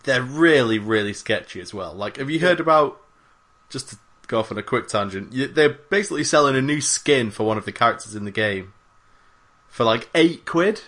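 A man's voice: medium pitch, expressive, normal speed, fairly bright tone. A man co-hosting a podcast in casual chat, rambling and self-mocking with plenty of swearing. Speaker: podcast co-host.

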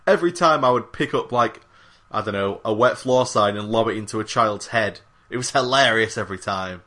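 A young man co-hosting a gaming podcast speaks briskly in a fairly low voice with a bright, forceful tone. He rambles through a casual chat, filling it with lots of fillers.

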